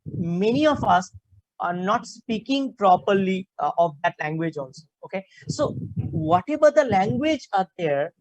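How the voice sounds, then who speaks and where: A communication skills trainer from India teaches an online class over a video call, speaking haltingly with many fillers and a Bengali-tinged Indian English accent. Her mid-range voice has a darkish tone, and the dry recording has poor audio quality.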